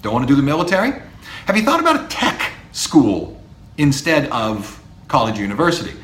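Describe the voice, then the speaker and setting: Emphatic professor with a lively voice, echoey room. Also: male voice, medium pitch, fairly quick. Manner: lively, emphatic, mimics imagined students. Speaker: university professor, podcast host. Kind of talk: solo podcast monologue to students. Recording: echoey room with faint ambience.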